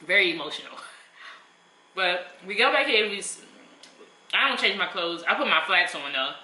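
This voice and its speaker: A woman's voice: fairly low pitch, animated, normal speed, bright, forceful tone, roomy sound, rough recording. A young woman, telling a story casually and emphatically while eating. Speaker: vlogger.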